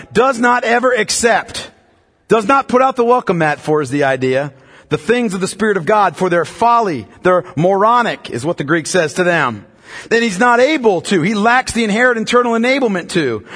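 A man preaching a sermon as pastor, emphatic and building to loud, pressing peaks. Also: high voice, slightly rough, big-room sound.

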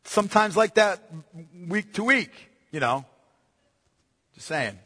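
A man preaching a sermon with a high, lively, bright voice that swoops from hushed lows to ringing peaks. His tone is a little husky, and the sound carries a long reverb from the sanctuary he speaks in. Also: takes it slowly. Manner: animated preaching, addresses listeners as beloved, drops to hushed tones. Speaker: pastor.

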